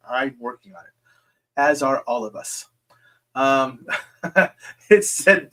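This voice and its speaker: A man hosting a live question-and-answer stream. He rambles in a reassuring way, speaks straight to each viewer and fills his pauses with "um". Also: mid-range voice, pushed and bright.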